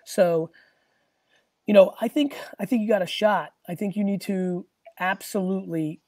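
A man hosting a live call-in Q&A show, answering callers in a blunt, profane, emphatic way that often rises to shouting. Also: high voice, fairly even intonation, normal speed, no echo, studio quality. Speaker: host answering callers' questions.

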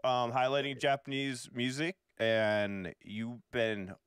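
A man's voice: medium pitch, level tone, takes it slowly, a bit bright, smooth, no room sound, clean studio sound. A man hosting a podcast, chatting in a friendly, upbeat, easygoing way. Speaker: podcast host. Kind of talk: casual chat.

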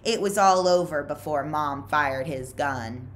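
A woman's voice: sits low, unhurried. A woman voicing a brash teenage boy who talks bluntly, in a storybook reading. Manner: blunt, matter-of-fact.

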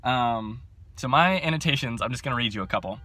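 A young man in his twenties chatting to camera about books, excitable and self-mocking, with frequent laughs, filming on a handheld phone. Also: mid-range voice, a little fast, no echo. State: overcaffeinated. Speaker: book vlogger. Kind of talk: casual chat to camera.

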